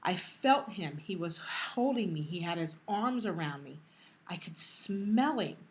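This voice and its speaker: A woman's voice: on the low side, animated, a little slow. A middle-aged woman recounts a hard personal story in a casual, emotional way. She halts, repeats herself and restarts, and slips in the words of others as she goes. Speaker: podcast co-host.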